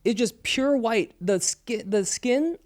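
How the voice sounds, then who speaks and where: A man in his thirties, a podcast co-host in casual chat, telling a story with lively acted-out sounds. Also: very high voice, takes it slowly. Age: 30s. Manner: animated storyteller, acts out voices and screams.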